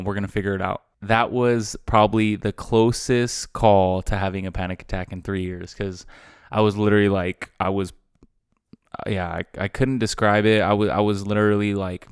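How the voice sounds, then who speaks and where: A young man hosting his own podcast, telling a personal story in a casual, animated way, full of swearing and slang. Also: on the low side, smooth, no room sound, clean studio sound. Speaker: podcast host. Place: living in Austin, Texas.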